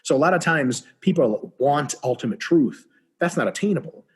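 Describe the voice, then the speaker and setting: This is a husky-voiced man chatting as a podcast guest. His pitch swings widely as he talks, he swears freely, and he keeps slipping into quick acted-out exchanges. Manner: profane, animated, acts out dialogue in quick voices. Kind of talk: casual podcast conversation.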